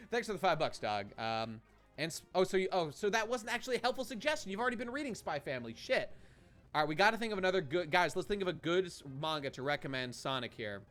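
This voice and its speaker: A man's voice: high-pitched, sing-song, fast talker, a bit bright, faint music behind. A man streaming a game and chatting with his viewers in a rambling, profane way, often restarting his sentences. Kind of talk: casual live-stream commentary.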